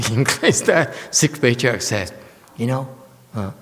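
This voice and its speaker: A man, a Buddhist monk giving a slow, joking dharma lecture with many fillers and teasing asides. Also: medium pitch, expressive. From United States. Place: temple lecture hall. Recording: long hall reverb.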